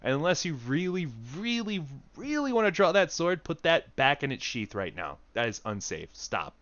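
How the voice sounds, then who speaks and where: A man's voice: fairly high pitch, sing-song, normal speed, fairly bright tone, no echo, dull audio. A man streaming a game in casual, jokey, self-mocking commentary.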